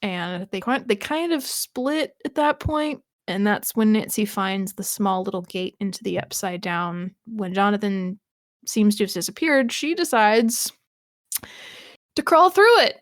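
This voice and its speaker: A woman's voice: mid-range voice, animated, unhurried, no room sound, studio quality. A woman co-hosting a podcast, chatting casually about a TV episode, laughing often and restarting her sentences. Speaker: podcast co-host.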